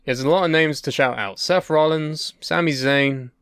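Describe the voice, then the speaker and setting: A man's voice: a little high, normal speed, fairly bright tone, smooth, no echo, studio quality. A young man co-hosting a podcast in casual, sweary and wry chat about wrestling, sharing strong opinions. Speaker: podcast co-host.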